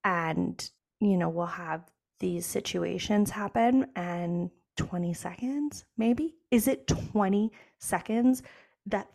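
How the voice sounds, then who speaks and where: A woman's voice: medium pitch, slow, vocal fry, darkish tone. A woman co-hosting a podcast, chatting candidly and swearing freely while she describes things in vivid images. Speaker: podcast co-host. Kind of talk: casual chat.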